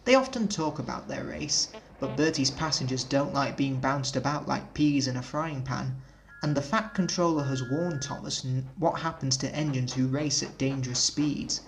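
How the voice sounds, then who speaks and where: A man narrating a storybook aloud, expressive and speaking to the listener directly. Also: mid-range voice, moderate pace, gravelly, a little hiss or hum. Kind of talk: storybook reading.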